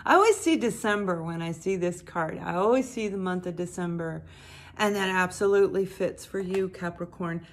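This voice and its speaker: A woman giving a chatty tarot reading straight to her viewers, talking lively and directly to them. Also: fairly low pitch. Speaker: tarot reader.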